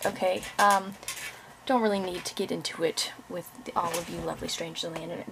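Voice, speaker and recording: Creaky-voiced woman chatting candidly at home. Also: fairly low pitch, flat delivery, brisk, a bit bright, slight background noise. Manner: candid, rambling, many fillers and restarts. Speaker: author and vlogger. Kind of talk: casual vlog chat.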